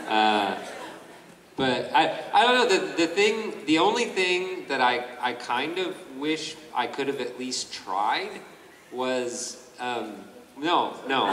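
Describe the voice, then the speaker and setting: A male voice actor on a convention panel, talking in a halting, self-deprecating way with many restarts. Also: fairly high pitch, animated. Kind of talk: panel talk. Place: large convention hall. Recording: echoey hall from far off, crowd noise.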